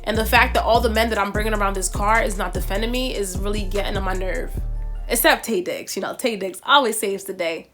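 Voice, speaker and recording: A woman's voice: medium pitch, brisk, music in the background. A young woman telling a storytime vlog about buying her first car, acting out the people in it. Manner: animated, acts out quoted voices.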